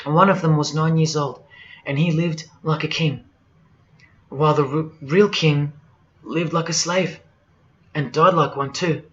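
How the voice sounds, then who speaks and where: A man preaching a monologue in a forceful, rhetorical way, firing question after question at the listener. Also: a little high. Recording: dull lo-fi audio.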